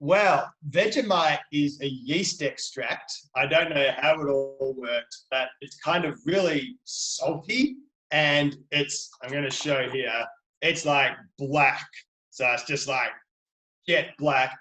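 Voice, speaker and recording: A man's voice: a little high, slow pace, pushed and bright, echoey room, poor audio. A middle-aged Australian man, a children's book author, chatting eagerly as a guest on a video call. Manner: chatty, enthusiastic, playful. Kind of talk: video call interview for kids.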